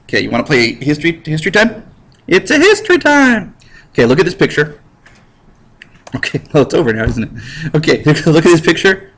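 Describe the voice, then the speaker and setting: A man teaching history over slides in a jokey, animated way, talking straight to his students. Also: a little high, brisk, breathy edge.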